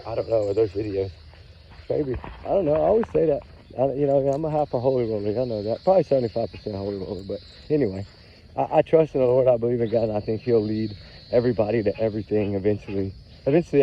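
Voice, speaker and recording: A man's voice: medium pitch, slight background noise. Folksy man on a dull phone mic. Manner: folksy, chatty, repeats warm sign-offs. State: hot and sweaty from a long walk. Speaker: true-crime vlog host. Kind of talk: rambling casual vlog chat. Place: outdoors by a creek bank in the woods.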